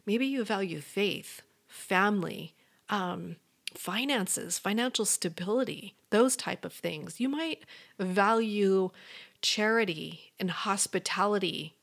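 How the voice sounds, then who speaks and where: A woman hosting a motivational podcast, speaking earnestly and encouragingly straight to her listeners as a life coach, sometimes dropping to a soft whisper. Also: medium pitch, slow, creaky.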